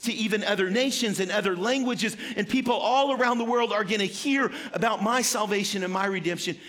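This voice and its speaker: A man voicing a calm, patient teacher. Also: high-pitched, a little fast. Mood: reassuring. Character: calm, patient male teacher speaking to followers.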